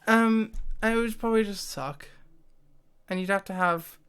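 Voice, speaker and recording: A man's voice: high-pitched, moderate pace, a bit bright, clear, resonant tone. A man talking casually to the camera, thinking aloud with hesitations and frequent laughs. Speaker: YouTuber.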